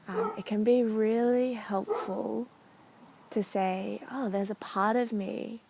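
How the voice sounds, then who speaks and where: A woman giving a casual, reflective talk about a therapeutic practice, speaking softly and thoughtfully with many pauses, sometimes dropping to a near whisper. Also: mid-range voice, creaky, a little hiss or hum, low-quality recording. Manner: soft-spoken, thoughtful, many pauses and fillers.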